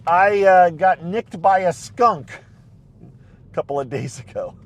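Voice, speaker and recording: A man's voice: high-pitched, lively intonation, slow pace, muffled recording, slight background noise. A man casually recapping a TV show from inside his car, rambling with lots of fillers and restarts. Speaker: recap vlogger.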